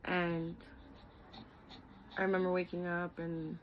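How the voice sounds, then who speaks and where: A woman's voice: on the low side, completely flat delivery, slow, lo-fi sound, slight background noise. Young woman candidly recounting a story. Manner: candid, heartfelt, chatty with many "like" and "literally". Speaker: vlogger. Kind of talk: personal storytelling vlog.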